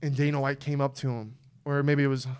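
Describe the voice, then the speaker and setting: Young male podcast co-host, smooth resonant voice, casual and rambling, prone to loud fired-up outbursts. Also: fairly quick. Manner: excitable, swings from low mumble to loud outbursts. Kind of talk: casual chat.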